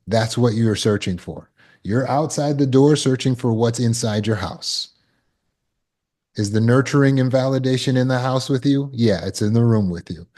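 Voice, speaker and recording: A man giving a live talk to an audience in a room. He talks earnestly and coaxingly, repeats phrases, and drops to a soft voice when he voices comforting words. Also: fairly low pitch. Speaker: trauma recovery speaker. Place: room with an audience of about 160.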